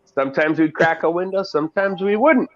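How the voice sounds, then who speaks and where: A man's voice: sits high, a little fast, dull audio, background noise. Profane guy telling a story. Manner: profane, loose and laughing. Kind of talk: casual storytelling chat.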